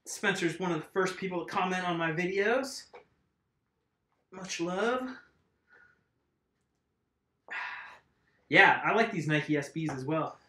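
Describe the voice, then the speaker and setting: A man chats casually with his live-stream viewers as he wrestles with a bike tire, laughing at his own struggles. His voice sits a little high. The room around him is echoey. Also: takes it slowly, pauses often, sharp tone. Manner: chatty and self-laughing, talks to viewers while fixing a tire. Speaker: mountain bike video host. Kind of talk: casual live-stream chat while working.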